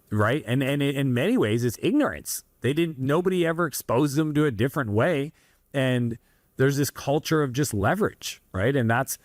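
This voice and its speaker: A man's voice: mid-range voice, no room sound. A man in his thirties from Canada, a guest in an interview, telling his story in an earnest, rambling way with many asides. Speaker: guest entrepreneur.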